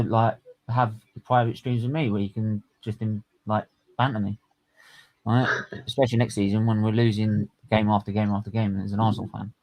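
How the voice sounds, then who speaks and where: A man hosting a casual stream chat, excitable and quick to laugh. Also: fairly low pitch, poor audio. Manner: excitable, laughs a lot, shouts when retelling. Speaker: stream host.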